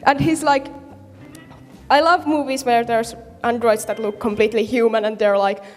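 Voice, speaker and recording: High-voiced nervous woman in a hall. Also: steady tone, moderate pace, faint music behind. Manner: nervous, rambling, loses her thread. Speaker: audience member. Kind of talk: casual chat at a panel. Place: convention hall. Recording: hall reverb.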